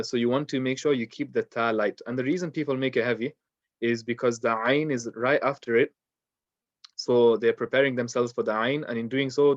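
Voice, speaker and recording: A man's voice: mid-range voice, no echo, dull audio. A man teaching an online Quran recitation class, patient and repetitive, with frequent ums and uhs.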